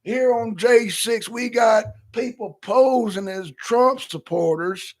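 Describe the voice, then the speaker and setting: Husky, high-voiced man ranting animatedly. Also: takes it slowly. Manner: animated, loose and profane, slips into quoting himself. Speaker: talk show co-host. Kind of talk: casual profane commentary.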